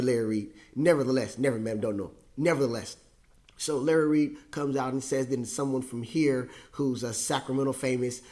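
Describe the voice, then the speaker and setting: A man hosts a loose, casual monologue, circling back on his own words with plenty of ums and uhs. His voice sits at an ordinary middle pitch, and a dry, self-mocking humor runs through it. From United States. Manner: rambling, conversational, with many fillers and repetitions. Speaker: host.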